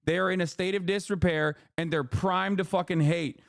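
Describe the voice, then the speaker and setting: A man runs a live stream of political commentary, and his voice sits a little higher than most men's. He swears freely and repeats himself often, with a lot of "okay?" thrown in. The close mic catches him dry, with no echo. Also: fairly even intonation, normal speed, vocal fry. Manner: profane, ranting, emphatic.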